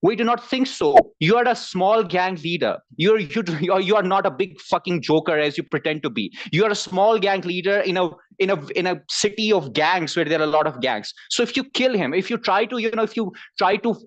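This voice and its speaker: A man giving a comic debate speech in a halting style, full of restarts and "you know". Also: high-pitched, expressive. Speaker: debater as deputy leader of opposition.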